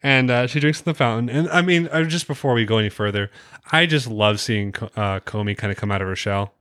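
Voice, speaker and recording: A podcast co-host with a mid-range, fairly bright voice talks at a quick pace in clean studio sound with no echo. He recaps episodes at length in casual storytelling, peppered with crude jokes and filler words.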